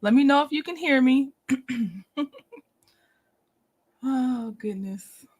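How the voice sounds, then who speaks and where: Chatty high-voiced woman hosting a livestream. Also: slow pace, a little mellow, highs cut off. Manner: upbeat, chatty, laughs often. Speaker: livestream host. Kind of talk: casual livestream chat greeting viewers.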